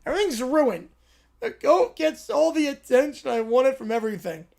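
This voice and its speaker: A high-pitched man hosting a loose, chatty livestream. He reads viewer prompts aloud and breaks in with amused, sarcastic asides. His delivery is casual and quick-witted. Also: very animated, vocal fry, a little mellow. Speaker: livestream host. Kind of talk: casual livestream reaction chat.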